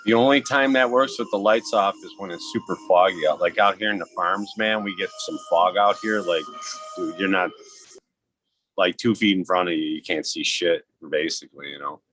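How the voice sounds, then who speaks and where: A man's voice: deep voice, normal speed, fairly bright tone. A man in his fifties telling rambling, profane stories in a casual podcast chat and laughing at his own tales.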